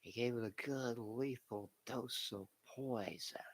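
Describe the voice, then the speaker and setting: A man doing an impression of a gruff, smug older wrestling boss, with a slow, growled delivery. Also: medium pitch. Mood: growling.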